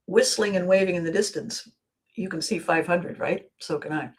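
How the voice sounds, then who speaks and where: A woman's voice: lowish voice, moderate pace. Woman hosting an earnest live motivational talk. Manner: earnest, repeats words as she restarts sentences; greets live viewers warmly by name. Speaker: host of a motivational live video show.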